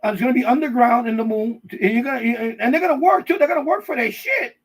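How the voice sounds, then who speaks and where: A man with a notably high, husky voice rants on his live stream. He rambles, swears freely and repeats himself while riffing in mocking voices, talking from his basement. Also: quick pace, rough recording. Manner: profane, repetitive, riffing with mock voices. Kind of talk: rambling casual rant. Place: basement room.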